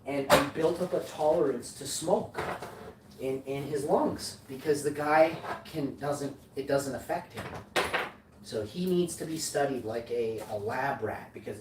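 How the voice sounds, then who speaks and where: A man's voice: medium pitch, a little mellow. A man hosting his own vlog, rambling boastfully in slang with frequent self-corrections. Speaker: vlogger, channel host. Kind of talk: casual rambling monologue. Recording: echoey room, distant mic, faint noise.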